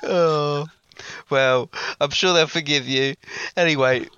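A man's voice: on the high side, fairly even intonation, slow, pushed and bright, smooth, no room sound. A young man hosting a comedy podcast with his father, teasing and laughing easily. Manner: giggly, teasing. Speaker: podcast host. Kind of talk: casual comedy podcast chat. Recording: dull dry recording.

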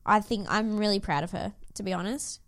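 A woman's voice: mid-range voice, fairly quick, vocal fry, no echo, studio quality. A woman co-hosting a casual podcast, recapping a reality dating show with frequent laughter and swearing. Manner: animated, laughs often, swears freely. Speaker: podcast co-host.

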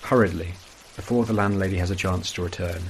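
A man reading a first-person horror story as scripted narration, in a measured, brooding way. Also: low voice, fairly even intonation, slight background noise, low-quality recording.

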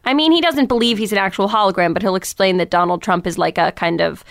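Young woman guest, talks fast, lots of "like", lively, dry close sound. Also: mid-range voice, creaky, no room sound. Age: young adult. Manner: chatty, heavy use of "like"; animated, quotes others in changed voices. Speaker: podcast guest. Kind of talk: casual chat.

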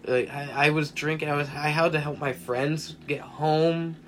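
Slight background noise sits behind this young man's a-little-high voice as he co-hosts a podcast at moderate speed. Chatting casually, he narrates a long story, acts out the quotes and swears a lot.

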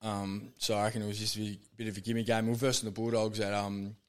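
A man's voice: fairly low pitch, level tone, fast talker, smooth. Sweary laughing Australian young man. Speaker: guest, former pro footballer. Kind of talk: casual chat.

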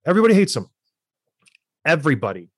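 A man in his thirties hosts a podcast, a former hockey player who gets fired up and hammers his points home. His voice sits a little high for a man. The recording is dry and close, with no room sound. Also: big pitch swings, quick pace, dry recording. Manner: fired-up, emphatic ranting. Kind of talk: casual chat and ad read.

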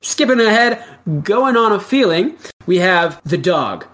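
An improviser pitching a silly made-up musical, with jokey asides delivered deadpan. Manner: animated, deadpan asides, quick jokes.

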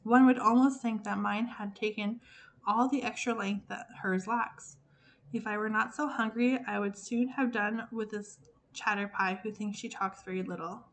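Casting: a testy, starving young prince, read by a woman, pitched a little lower, quiet and clipped. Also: steady tone, moderate pace, natural voice. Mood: grumbling. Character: hungry, impatient young prince, vain about himself.

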